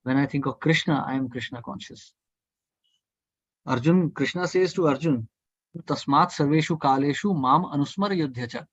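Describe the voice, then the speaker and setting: A study group speaker leads a devotional scripture class, pressing his listeners with earnest, provocative repetition to get them thinking. He speaks at a moderate pace in a husky, slightly high voice. The audio, free of echo, is dry and muffled, as if from an online call.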